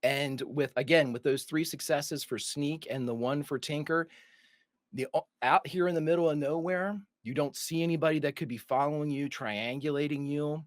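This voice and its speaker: Male game master, raised pitch, steady scene narration, dry. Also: normal speed, dry recording. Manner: calm, describing scenes and calling for rolls.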